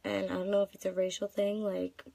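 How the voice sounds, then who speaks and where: A young woman in her twenties talks into her phone through tears, rambling and full of fillers. Her voice is heavily gravelly and husky, recorded close and dry with no room sound. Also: mid-range voice, completely flat delivery, fairly quick, warm tone, no room sound. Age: 20s. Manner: upset, rambling, many fillers. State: crying. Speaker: vlogger. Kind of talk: live video venting.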